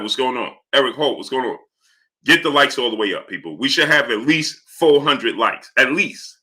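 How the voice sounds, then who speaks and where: A man's voice: mid-range voice, pushed and bright. A man hosting a casual live stream, talking through his point while he greets viewers by name from the chat.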